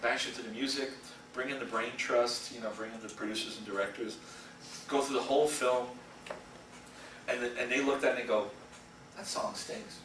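Bright, laughing man telling stories in an echoey room. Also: medium pitch, fairly even intonation, brisk, long pauses. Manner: rambling storyteller who laughs often and acts out quotes. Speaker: guest lecturer, animation storyboard artist. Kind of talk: casual anecdotal lecture. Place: school lecture room. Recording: echoey room, distant mic, faint hiss.

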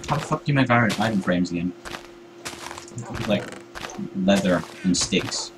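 A man's voice: deep voice, moderate pace. A man bantering playfully with his co-host during a live-streamed co-op game. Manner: playful, bantering, jumps between calm and shouty. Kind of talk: casual co-op game stream chat. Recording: noisy home recording.

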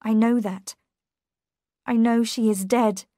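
A woman's voice: steady tone, slow pace, mellow, no echo, clean studio sound. A woman doing a frightened young woman. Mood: pleading. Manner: high, tense pleading.

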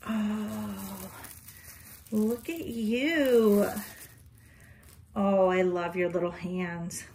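A woman vlogger unboxing a doll, cooing and talking softly to it as if to a baby, sometimes dropping to a delighted whisper. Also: medium pitch. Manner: drops into breathy whispers of delight. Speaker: reborn doll collector and vlogger. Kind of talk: gushing unboxing vlog.

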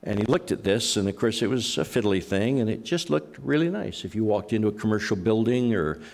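A middle-aged man preaching a conversational sermon as a pastor, telling anecdotes in a halting way with frequent pauses. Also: fairly low pitch, animated, creaky, a little mellow.

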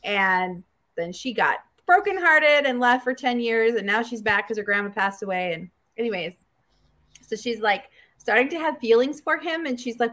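A woman's voice: on the high side, moderate pace. A woman co-hosting a writing livestream, chatting casually and retelling stories. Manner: chatty, storytelling, animated retelling. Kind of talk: casual chat.

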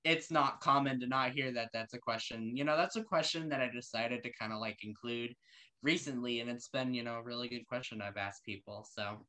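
A man's voice: mid-range voice, brisk, sharp tone. A man hosting an interview show, asking questions casually with lots of fillers and loose, rambling answers. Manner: rambling, many fillers, friendly.

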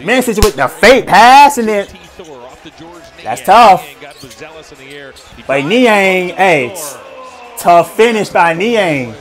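Very animated yet slow, with frequent pauses, this young host reacts to basketball highlights in loose slang. He stumbles over words, says things twice, and laughs as he gets excited about the plays.

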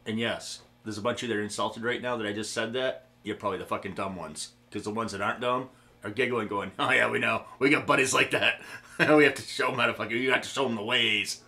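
A man's voice: lowish voice, steady tone, fast talker, bright, forceful tone. Profane rambling guitar vlogger man. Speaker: gear demo host. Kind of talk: casual pedal demo vlog. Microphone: guitar-cab recording setup, camera mic.

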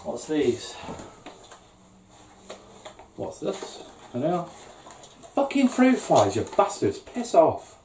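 A man's voice: on the high side, huge pitch swings, slow, pauses often, warm tone, a little hiss or hum. A middle-aged man chatting casually and swearing as he unboxes home-brewing gear, rambling and poking fun at himself. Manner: rambling, sweary, self-mocking. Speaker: home brewer, channel host. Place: garden brew shed. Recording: echoey room, distant mic.

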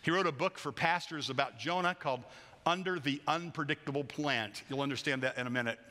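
A man preaching a sermon as a pastor, lively and joking, acting out voices as he tells the story. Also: on the high side, a little fast, long reverb tail. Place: large church hall.

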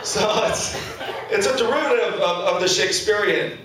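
A man in his thirties performs stand-up on an indoor comedy club stage, with self-deprecating, profane, wry humor. His high voice is expressive and a bit bright, at a normal speed. The echoey club audio is captured from afar, with audience laughter.

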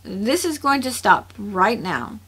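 A woman voicing an honorable young man who speaks in firm, measured commands. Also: mid-range voice, sing-song, fairly bright tone, slightly rough, full character voice.

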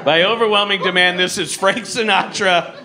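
A man doing live stand-up in a large comedy club, animated and loud, swearing and riffing with the audience. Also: high-pitched, moderate pace. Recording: live club with crowd noise.

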